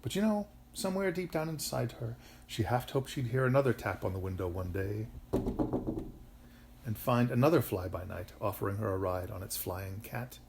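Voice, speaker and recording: A father reads a bedtime story aloud to his young daughter. His telling is expressive, with a gravelly texture and a lively, swooping melody. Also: fairly low pitch, normal speed, slight background noise.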